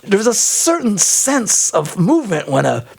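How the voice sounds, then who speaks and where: A man hosting an advice talk show, telling a comic story in an animated way and laughing often mid-sentence. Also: sits high, a little slow, vocal fry, breathy edge. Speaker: radio show host. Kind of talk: comedic relationship advice talk.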